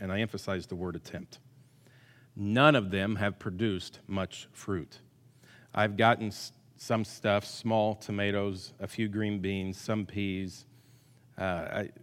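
A male pastor delivering a sermon, swinging between loud emphatic bursts and quiet asides, with self-deprecating humor. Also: mid-range voice. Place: church hall with long reverb. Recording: hall reverb.

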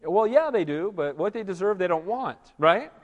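A male pastor preaching an animated sermon, often asking his congregation "Amen?" for a response. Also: high-pitched, normal speed, in a large hall, lo-fi sound.

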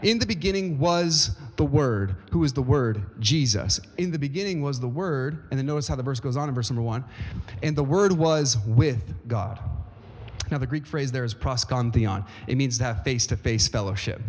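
A man's voice: medium pitch, normal speed, a little mellow. A man preaching a sermon as pastor, speaking emphatically and often asking the congregation questions. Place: church sanctuary. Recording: long reverb of a church hall.

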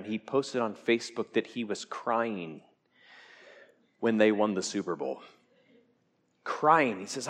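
A man preaching a sermon to his church, joking with the congregation and swinging from loud peaks to hushed lines. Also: medium pitch, long reverb tail. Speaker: pastor.

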